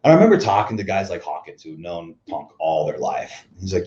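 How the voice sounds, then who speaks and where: A man in his thirties tells a backstage story in a loose, casual way, with plenty of fillers and swearing. His voice sits a little low. The recording sounds muffled and lo-fi. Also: sing-song, brisk, few pauses, dark tone, reverberant. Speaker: former pro wrestler guest. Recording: dull lo-fi recording.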